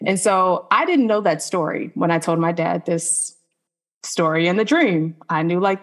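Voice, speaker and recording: A woman's voice: mid-range voice, normal speed. A woman telling a personal faith testimony as a podcast guest, earnest and conversational, with many "like" fillers.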